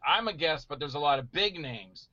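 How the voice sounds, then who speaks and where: A middle-aged man telling stories in casual chat, animated and acting out voices he quotes. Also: on the high side, normal speed, no echo, lo-fi sound. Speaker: guest actor telling stories.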